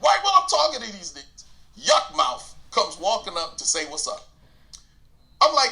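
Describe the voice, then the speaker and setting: A man with a high, bright voice tells a story in a relaxed, conversational way. His pitch swings widely as he acts out each person's lines. He laughs now and then as he talks. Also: normal speed. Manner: animated, acts out quotes, laughs while telling. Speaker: guest telling a story. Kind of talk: casual storytelling.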